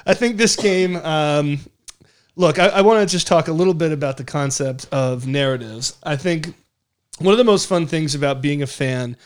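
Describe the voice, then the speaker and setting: A man's voice: a little high, normal speed. A man co-hosting a sports podcast in casual, conversational chat, often stopping to rephrase his thoughts. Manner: conversational, with frequent fillers and restarts. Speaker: podcast co-host.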